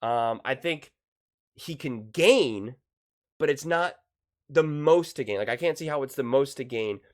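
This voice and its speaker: A man's voice: mid-range voice, lively intonation, a little slow. A man giving casual sports reaction commentary, skeptical and argumentative, rambling with fillers.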